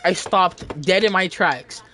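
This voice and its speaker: A young man tells a casual story in a rambling way, often restarting his sentences and leaning on fillers. His voice sits a little high for a man. A steady background noise runs under the recording. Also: moderate pace.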